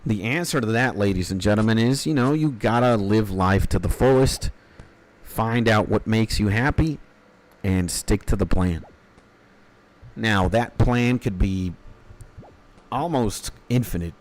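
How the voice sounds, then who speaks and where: A man's voice: on the low side, a little slow. A man in his thirties talks loosely while he streams a game. He rambles from one thought to the next and swears freely. He mixes mock-serious life advice with offhand jokes. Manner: rambling, profane, mock-philosophical. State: hungry after an early start. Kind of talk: casual chat while gaming.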